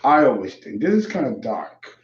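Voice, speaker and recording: A man's voice: mid-range voice, sing-song, normal speed, a little hiss or hum. A man in his fifties, an astrologer, talking in a candid, emotional, meandering monologue with frequent swearing. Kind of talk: casual rambling monologue. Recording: roomy, slightly dull sound.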